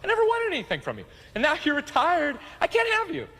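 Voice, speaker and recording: Haughty flamboyant fashion mogul. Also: male voice, extremely high pitch, wildly swooping pitch, fast, gravelly, a bit bright, exaggerated voice. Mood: scheming. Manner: haughty, theatrical. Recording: film clip with long reverb.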